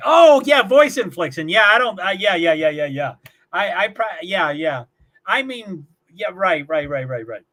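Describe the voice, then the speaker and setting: A man's voice: sits high, sing-song, moderate pace, a bit bright. A man from Kentucky hosting a casual livestream from his small apartment, reading chat messages aloud, rambling, repeating words and chuckling often. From Louisville, Kentucky. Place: small one-bedroom apartment.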